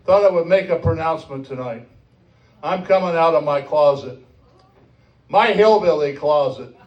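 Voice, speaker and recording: High-voiced stand-up comic. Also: male voice, normal speed, reverberant, recorded from a distance, dull audio. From West Virginia, USA. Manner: deadpan, playful, self-mocking. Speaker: stand-up comedian. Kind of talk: stand-up comedy set. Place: comedy club stage.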